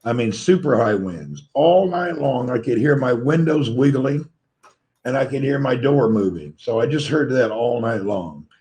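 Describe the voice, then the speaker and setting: Livestream host, American man with a Southern accent, sleep-deprived and slightly crackly, greets his viewers in a relaxed, chatty way. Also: mid-range voice, normal speed. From Tennessee, USA. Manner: friendly, greets viewers one by one. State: tired, voice a little crackly from poor sleep. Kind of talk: casual livestream chat, reading out viewer comments.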